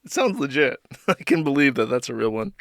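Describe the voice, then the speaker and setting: A man's voice: mid-range voice, big pitch swings, fairly quick, vocal fry, a bit bright, dry recording, studio quality. A man hosting a live stream, reading posts aloud and commenting sarcastically, with frequent laughs.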